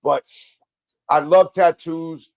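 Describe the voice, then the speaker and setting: High-voiced man telling stories. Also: slow, gravelly. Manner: storytelling, animated. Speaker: podcast host. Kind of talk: casual chat.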